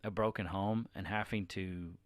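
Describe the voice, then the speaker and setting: A man's voice: deep voice, steady tone, moderate pace, no echo. A man co-hosting a podcast with his wife, telling candid, confessional stories in casual chat on a close mic.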